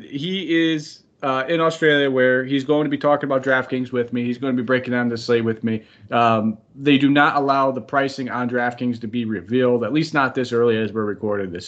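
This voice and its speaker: A man's voice: mid-range voice, muffled recording. A man hosting a podcast, upbeat and chatty, running through sports analysis and sometimes tripping over names. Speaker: podcast host.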